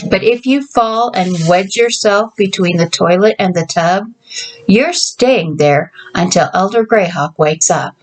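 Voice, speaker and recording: A feisty, practical woman who carries the mail talks in a brisk, matter-of-fact way, voiced by a woman reading her own story. Her voice sits at an ordinary middle pitch. It is a plain storybook reading. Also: natural voice, poor audio. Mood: teasing, practical.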